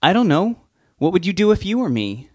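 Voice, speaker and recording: A man's voice: high voice, sing-song, fairly quick, dry recording, studio quality, voice pushed up. A man reading aloud, raising his voice to play a worried, impatient young woman. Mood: pressing.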